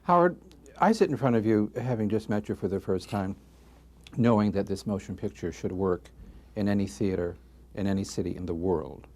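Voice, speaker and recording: A man interviewing a guest, asking long deliberate, pointed questions. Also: fairly low pitch, darkish tone.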